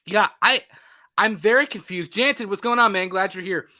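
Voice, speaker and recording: Male podcast co-host, fairly high voice, animated casual review chat. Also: moderate pace. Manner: animated, excitable, acts out reactions.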